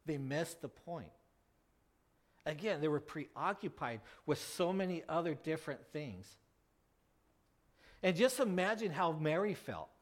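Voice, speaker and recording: A man preaching a conversational sermon, animated, asking his listeners questions and acting out the people in the story. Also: a little high, a little slow, pauses often. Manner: animated, asks the congregation questions; acts out quoted voices, with frequent restarts.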